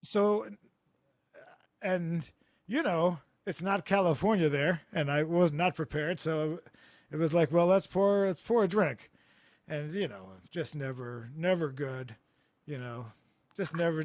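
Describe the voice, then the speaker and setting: A man hosting a comedy podcast over a video call, telling rambling stories with deadpan absurd jokes. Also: a little high, unhurried, no echo, studio quality. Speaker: podcast host. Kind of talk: casual comedic chat. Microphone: remote video call.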